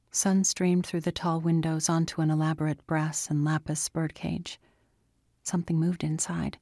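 A woman reads a story aloud in a calm, measured way. Her voice sits low, and the sound is dry and close to the mic, with no room around it. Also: no echo. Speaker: narrator. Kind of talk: scripted audiobook narration.

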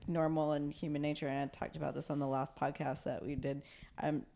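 A woman's voice: low-pitched, level tone, a little fast, creaky, mellow. A woman co-hosting a podcast, talking in a thoughtful, self-deprecating way. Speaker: podcast co-host. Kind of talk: casual podcast chat.

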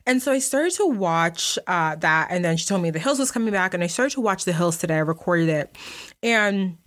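A woman's voice: fairly low pitch, lively intonation, a little fast, a bit bright. Chatty woman hosting an unscripted podcast. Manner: rambling, goes off on tangents; chatty, slangy and informal. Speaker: podcast host. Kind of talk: casual unscripted solo podcast chat. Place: home basement.

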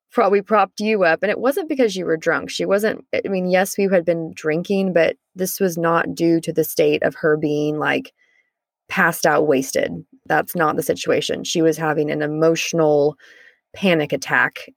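Casting: low-pitched woman, candid podcast co-host, dry close sound. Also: no room sound. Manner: candid, rambling with restarts. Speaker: podcast co-host, lifelong friend. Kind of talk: casual recounting conversation.

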